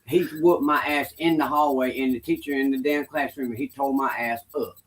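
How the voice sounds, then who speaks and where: A man's voice: medium pitch, fairly even intonation, fairly quick, a little hiss or hum. A man chiming in with blunt, profane remarks in a casual chat.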